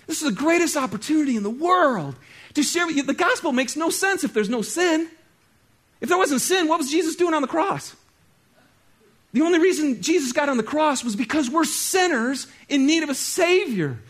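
A male pastor preaching a sermon, talking straight to his congregation and swinging between loud exclaiming and soft, hushed stretches. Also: extremely high pitch, expressive, moderate pace. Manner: conversational, talks straight to the congregation.

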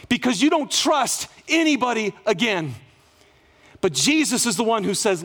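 A man with a high-pitched voice preaches a sermon to his congregation. His delivery swings dynamically between fervent, loud exclamations and soft, hushed passages. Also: lively intonation, measured pace. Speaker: pastor.

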